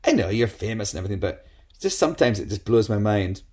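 A middle-aged man, chatting as a guest and telling lively anecdotes, often slipping into quoted voices. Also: on the low side, fast talker. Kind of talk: casual chat.

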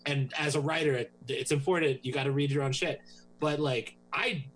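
A man's voice: on the high side, fairly even intonation, moderate pace, poor audio. A man hosting a comedy podcast in casual chat, swinging between joking and earnest. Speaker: podcast host.

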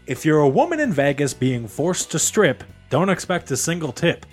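A man hosting a casual comedy podcast, playful and quick to giggle. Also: a little high, sing-song, faint music behind. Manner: giggly and playful, laughs often. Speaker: podcast host.

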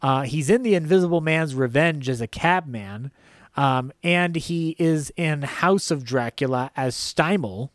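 A man co-hosting a casual film podcast, joking, laughing often and slipping into quick silly character voices. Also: fairly high pitch, dry recording, clean studio sound. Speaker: podcast co-host.

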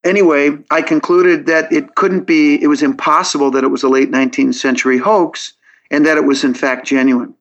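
A man's voice: a little high, fairly even intonation, a little fast. A man, a guest on a podcast interview, earnestly walking through his reasoning step by step, often restarting his sentences. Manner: logical, earnest storytelling with frequent restarts. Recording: dull lo-fi audio.

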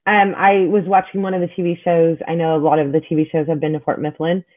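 A woman's voice: low voice, little pitch movement, fast. A woman interviewing a guest, chatty and eager, tripping over her own words. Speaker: podcast host. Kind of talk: casual interview chat. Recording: tinny phone-like line.

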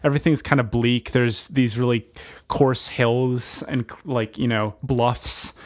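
A man co-hosting a casual podcast, spinning a story as he goes. He rambles with lots of fillers and restarts, in a playful tone at an ordinary middle pitch. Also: steady tone, a little slow. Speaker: podcast co-host. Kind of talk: casual chat, improvised movie pitch.

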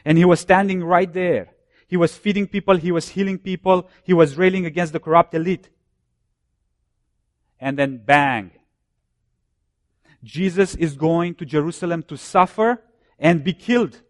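Emphatic preacher man, higher voice. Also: moderate pace, no room sound, studio quality. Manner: emphatic, building repeated phrases. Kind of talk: sermon.

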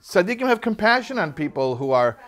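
A man teaching a religious text class, explaining ideas in an animated way and acting out little quoted voices. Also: sits high, brisk. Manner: animated, acts out quoted people, many restarts. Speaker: Torah teacher. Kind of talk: classroom lesson.

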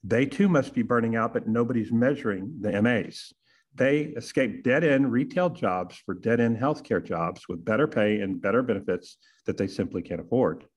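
Husky man, sarcastic host. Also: mid-range voice, normal speed. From Texas. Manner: sarcastic, punchy rhetorical delivery. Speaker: podcast host. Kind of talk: scripted opinion monologue.

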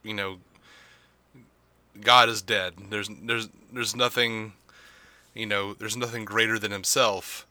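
Male co-host, very bright and sharp tone, dry close sound, thoughtful halting delivery. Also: fairly low pitch, level tone, dry recording. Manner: thoughtful, halting with many restarts. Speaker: podcast co-host. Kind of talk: casual podcast chat.

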